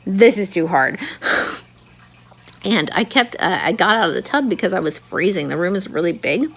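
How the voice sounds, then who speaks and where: A woman vlogger casually telling a personal birth story, animated and acting out the voices she quotes. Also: lowish voice.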